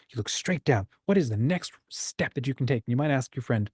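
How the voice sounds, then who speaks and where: A man's voice: medium pitch, animated, brisk, breathy edge, no room sound, clean studio sound. A man hosting a casual livestream chat, encouraging and thinking aloud as he acts out quoted voices. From United States. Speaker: livestream host.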